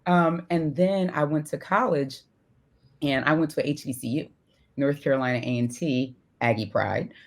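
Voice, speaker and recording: A woman's voice: sits low, normal speed. A woman from Syracuse, New York, co-hosting a podcast and telling her own story in casual chat. She laughs often and keeps checking in with "right?". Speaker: podcast co-host.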